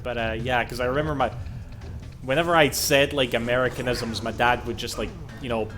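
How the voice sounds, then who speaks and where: A man's voice: medium pitch, fairly even intonation, fairly quick, a bit bright, soft background music. Man, young adult, casual streaming chat, rambling, sweary. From Scotland. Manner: rambling, swears freely, laughs often.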